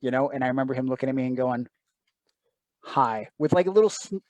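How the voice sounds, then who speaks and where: A man's voice: mid-range voice, rapid-fire, mellow, dry recording. A man telling a personal story as an interview guest, earnest and emotional, often quoting others in asides.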